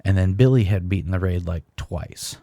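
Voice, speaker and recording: Young guy with a real low voice, cussing through a long story, dry close sound. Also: normal speed, mellow, dry recording. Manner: profane, rambling storyteller. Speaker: podcast co-host. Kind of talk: casual comedy chat.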